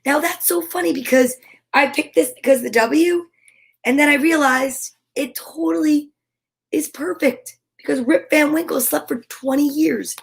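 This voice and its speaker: A woman reading a children's picture book aloud, slow and gentle in her pacing. Her voice sits a touch high, and she reads expressively, breaking off for chatty little asides. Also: gravelly. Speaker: children's story reader. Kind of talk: storybook read-aloud with asides.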